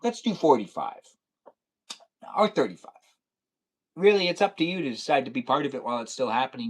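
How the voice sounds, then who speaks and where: A man chatting casually on a livestream, reading the chat aloud and teasing his viewers playfully. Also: mid-range voice.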